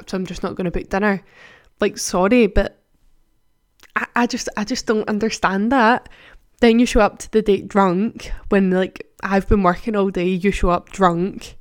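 A woman's voice: mid-range voice, clean tone, no room sound, studio quality. A young woman, hosting a podcast and telling a story in a casual, chatty way full of "like". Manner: chatty, full of "like" and "do you know what I mean". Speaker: podcast host.

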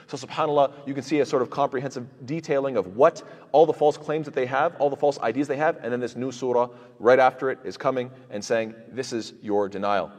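A man's voice: medium pitch, a little mellow, long reverb tail. A man teaching a Quran commentary lecture, asking rhetorical questions and answering them himself, with recited verses in between.

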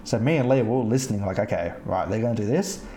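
A man hosting a podcast, telling gaming stories in an animated, profane way and acting out the other players. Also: on the low side, fast, roomy sound, background noise. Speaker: podcast host. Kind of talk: casual storytelling chat.

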